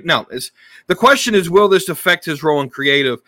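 A man's voice: fairly high pitch, lively intonation, a little fast, sharp tone, dry recording. A man hosting a casual podcast, talking in a loose, rambling way with many restarts and fillers. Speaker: podcast host. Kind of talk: casual wrestling podcast talk.

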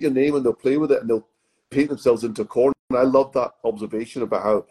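A man's voice: medium pitch, fairly even intonation, quick pace, mellow, slightly rough, low-quality recording. A middle-aged man chatting as a podcast guest, telling rambling anecdotes full of restarts. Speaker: guest, comedy writer and actor. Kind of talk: casual podcast interview.

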